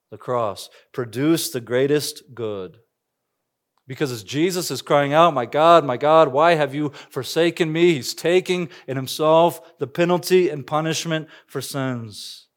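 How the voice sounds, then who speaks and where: A man preaching a sermon as a pastor, earnest and emphatic, shifting his pace and volume. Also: medium pitch.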